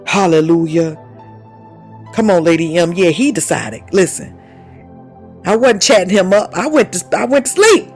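A woman preaches with fervent, repeating urgency and speech, calling out again and again as her pitch climbs and falls. Faint music plays under her voice. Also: lively intonation, a little slow, long pauses, a little mellow. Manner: fervent, repeats "listen" and "my God", speaks in tongues. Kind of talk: charismatic sermon.

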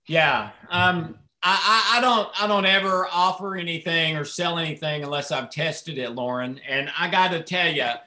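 Excitable high-voiced man, echoey room. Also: normal speed, hardly any pauses. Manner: excitable, acts out dialogue in raised voices. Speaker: host presenting products. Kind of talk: animated storytelling sales pitch.

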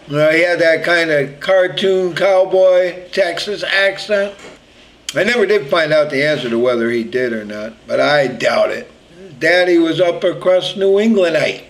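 A man's voice: high voice, a little slow, poor audio. A man hosting a podcast, giving opinionated, blunt political commentary in a conversational way. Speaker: podcast host.

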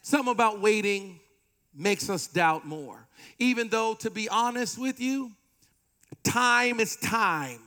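A man preaching a sermon with animated delivery, playful asides and call-and-response with the congregation. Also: high voice, slow pace. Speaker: pastor.

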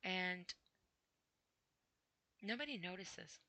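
A woman hosting a podcast, talking slowly and haltingly about her own feelings, with a dry throat that she clears often. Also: fairly low pitch, animated, pushed and bright, dry recording, low-quality recording. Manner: slow, halting, with frequent throat clearing and sighs. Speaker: podcast host. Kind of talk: personal spoken reflection.

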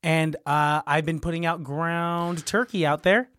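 A man in casual banter, telling stories excitedly and laughing often. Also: fairly high pitch, a little slow, no echo.

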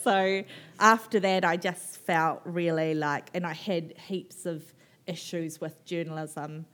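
A New woman with a somewhat low voice tells her story in a candid, conversational way. She is frank and animated, drops a casual swear word, laughs easily and fills her sentences with "like". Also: slow. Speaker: author guest at a book festival. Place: live book festival stage.

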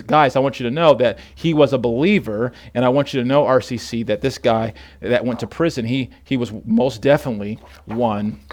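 A middle-aged man preaching a sermon as pastor. He often restarts his words and swings between loud emphasis and soft, low passages.

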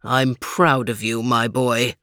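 A woman's voice: very deep voice, flat delivery, slow pace, fairly bright tone, no echo, studio quality, pitched below the performer's own voice, heavily acted. A woman voicing a bossy, overweight male dog who leads the group in a storybook reading.

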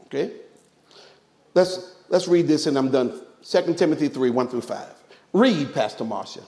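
A man's voice: medium pitch, lively intonation, moderate pace, dark tone. A man preaching a sermon as pastor, emphatic, firing off rhetorical questions and dropping joking asides.

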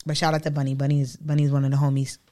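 A woman's voice: low-pitched, very fast. A young woman with a New York accent, co-hosting a casual chat, slangy and often laughing. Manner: laughing, slangy, animated storytelling. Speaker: podcast co-host.

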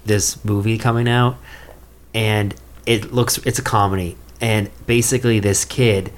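A young man in casual chat, telling animated stories and acting out quotes, with some swearing. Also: fairly low pitch, measured pace.

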